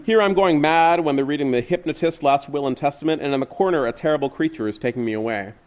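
A man's voice: a little high, quick pace, close to an everyday voice. Snow Queen, a man reading a doting faded actress. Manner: gentle, doting.

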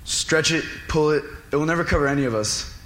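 A man doing a staged script reading as a timid teenage schoolboy who speaks in hesitant, halting bursts. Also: medium pitch, a bit bright, close to an everyday voice. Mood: defiant. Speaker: intern reading a part. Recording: echoey hall, faint noise.

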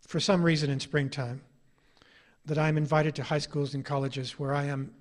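A middle-aged male author gives a talk, telling anecdotes to a crowd with wry, ironic humor. His voice is pitched somewhat higher than most men's, and he keeps a level tone at a moderate pace.

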